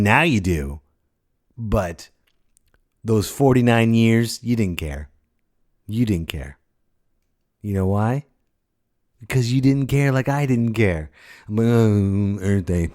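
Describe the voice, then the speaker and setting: A man's voice: on the low side, animated, slow, long pauses, darkish tone. A man hosting a podcast, delivering a joking, rambling comic monologue. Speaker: podcast host.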